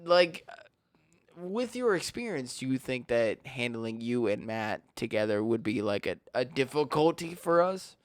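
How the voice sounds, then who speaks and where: A man's voice: medium pitch, very animated, measured pace, no room sound. A man hosting a podcast in casual, laid-back chat, swearing freely. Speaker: podcast host.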